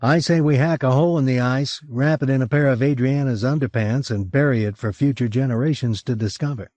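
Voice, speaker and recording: A man's voice: medium pitch, fairly quick, darkish tone, dry recording, voice pushed up, natural voice. A man voicing a crude, mocking male crew member in an audiobook. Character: loose-talking male photographer's assistant, crude and mocking. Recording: dull lo-fi cassette recording.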